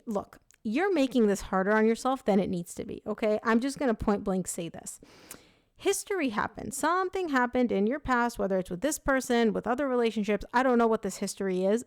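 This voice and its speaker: A young woman giving a casual tarot reading, talking frankly and loosely with lots of "like" and quick self-corrections. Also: on the high side, dry recording, clean studio sound. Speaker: tarot reader.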